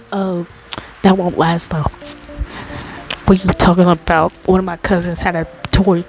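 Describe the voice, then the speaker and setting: Woman, casual storytime, rambling, fillers and restarts, exasperated, low voice, faint music behind. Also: steady tone, normal speed, darkish tone, low-quality recording. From America. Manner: exasperated, rises high when complaining. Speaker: storytime host.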